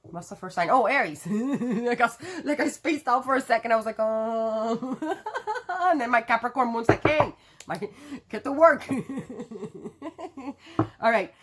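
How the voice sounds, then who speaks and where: A woman's voice: a little high, lively intonation, measured pace, fairly bright tone, husky. A woman reading tarot cards to her viewers in a casual, chatty way, laughing often and cursing now and then. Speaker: tarot reader.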